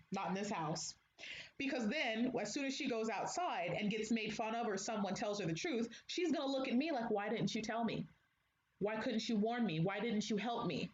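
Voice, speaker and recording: A young woman talks casually to her viewers, blunt and candid and quick to laugh. Her voice sits in an echoey room at home, the sound a little dull with a faint hiss behind it. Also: medium pitch. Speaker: livestream host.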